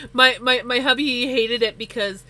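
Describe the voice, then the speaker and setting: A woman hosting a casual livestream, chatting while she knits and telling stories with lots of laughter. Her voice shoots up high when she gets excited. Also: poor audio. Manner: animated storyteller, laughs often, voice climbs high when excited. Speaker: livestream host. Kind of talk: casual chat while knitting on stream.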